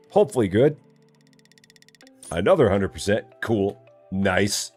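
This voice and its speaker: A man with a low, deep voice chats through a live game stream, his pitch swinging widely as he jokes and rambles. He reads viewer messages aloud between moves, and faint game music plays behind him. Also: expressive, normal speed. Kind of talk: casual live-stream commentary.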